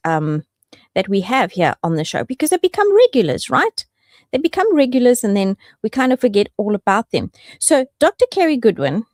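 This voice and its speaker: A woman's voice: on the high side, a little mellow, dry recording. A woman hosting a radio show in the studio, playful and affectionate in casual chat. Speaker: radio host.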